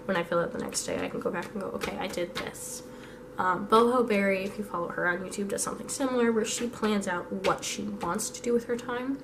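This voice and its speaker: A hoarse young woman chatting through a casual planning vlog, thinking aloud. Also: mid-range voice, a little fast, noisy background. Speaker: vlogger.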